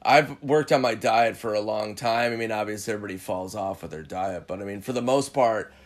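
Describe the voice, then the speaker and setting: A man's voice: lowish voice, a little fast. A comedian guest chatting casually on a podcast, laid-back and swearing often, sometimes doing funny voices for people in his stories. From Minnesota.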